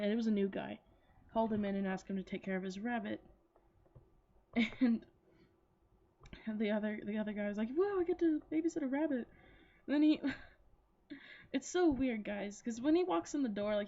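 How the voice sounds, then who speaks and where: A woman talks straight to her viewers in a loose, chatty ramble, giggling and cursing as she trips over her own sentences. Her voice sits at an ordinary middle pitch. The sound is dull and lo-fi, like a home recording on a built-in mic. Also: mellow. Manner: rambling, giggly, swears freely, many likes and restarts. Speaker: anime reviewer. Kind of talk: casual chatty plot retelling.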